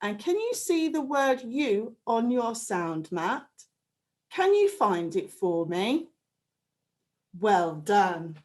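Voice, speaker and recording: A woman teaching a phonics lesson to young children, prompting them with slow, clear, drawn-out sounds. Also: a little high, sing-song. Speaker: primary school teacher.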